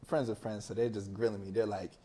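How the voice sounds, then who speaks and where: A man's voice: on the low side, fast talker. Man telling a story casually. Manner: animated, slangy, acts out quoted voices. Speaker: podcast guest.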